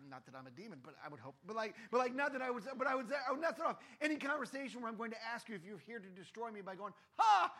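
A man preaching a sermon in a conversational, animated way, often checking in with the congregation. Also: sits high. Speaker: pastor.

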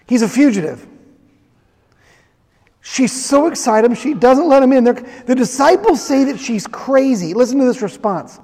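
High-voiced man preaching in an echoing hall. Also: moderate pace. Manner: animated storytelling with acted-out voices. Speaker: pastor. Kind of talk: sermon. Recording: long reverb of a large hall.

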